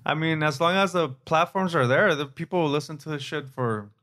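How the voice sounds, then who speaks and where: A man's voice: on the high side, a little fast, fairly bright tone. A man co-hosting a podcast who chats casually, asks questions and tells stories, swearing and switching between English and Spanish. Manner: asks questions, keeps the conversation going. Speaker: podcast co-host. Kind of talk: casual chat.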